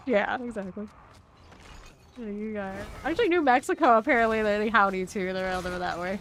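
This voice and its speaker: Her medium-pitched voice is brisk and a bit bright, with slight background noise in the recording. This woman from the Southern United States has a mild Southern American accent and streams a game, chatting casually with viewers and often teasing and laughing in casual gameplay commentary.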